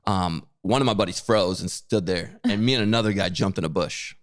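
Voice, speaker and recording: A man co-hosting a podcast, telling a story with lively acted-out quotes. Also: low voice, a little fast, no echo, studio quality. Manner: animated storyteller, acts out quotes. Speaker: podcast co-host. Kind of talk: casual chat.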